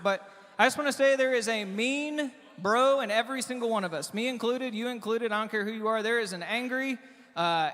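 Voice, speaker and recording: High-voiced man rambling on a bar stage. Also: bright, forceful tone. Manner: rambling, halting, with stammered restarts. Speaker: singer-songwriter performing live. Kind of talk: between-song stage banter. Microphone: stage vocal mic. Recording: live bar recording with long reverb and band music. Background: guitar and band music.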